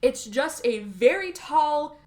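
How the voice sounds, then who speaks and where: A woman co-hosting a podcast, telling a movie plot in a lively, casual way, acting out the characters' lines and laughing often. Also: high voice, slow. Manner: animated storyteller, acts out quotes, laughs often. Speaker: podcast co-host. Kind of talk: casual movie recap chat.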